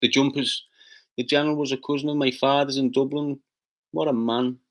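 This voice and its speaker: Brash Scouse man with a bright edge. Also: medium pitch, level tone. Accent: Liverpool (Scouse). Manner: brash, rapid-fire banter with swearing; bursts into loud taunting rants. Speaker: livestream host reading chat comments. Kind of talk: casual live chat.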